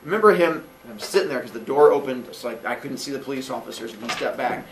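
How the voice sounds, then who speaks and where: A man in his forties telling a childhood story casually, animated and laughing often, acting out quotes in a high voice. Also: fast, vocal fry, recorded from a distance, noisy background. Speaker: podcast host.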